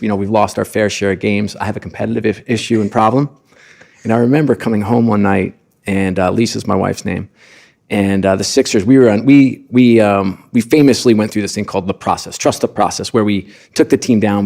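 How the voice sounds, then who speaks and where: Man, middle-aged, gravelly voice, earnest storyteller, podcast guest, restarts a lot. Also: lowish voice, a little mellow. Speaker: podcast guest, sports executive. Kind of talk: conversational storytelling.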